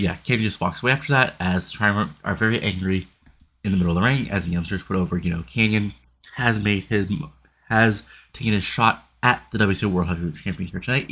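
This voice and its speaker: A man's voice: lowish voice, a bit bright, husky. A stuffed-up man casually talking through his wrestling booking game, rambling with lots of fillers and restarts. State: stuffed up, congested. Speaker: host playing a wrestling booking sim.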